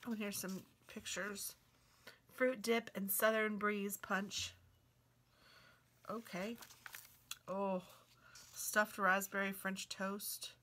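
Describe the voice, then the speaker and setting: A woman flips through a cookbook, reading out recipe names in a casual, chatty way and reacting with delighted exclamations. Her voice is bright and forward, at a middle pitch for a woman. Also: flat delivery, very slow, long pauses, slight background noise. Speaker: craft and book video host.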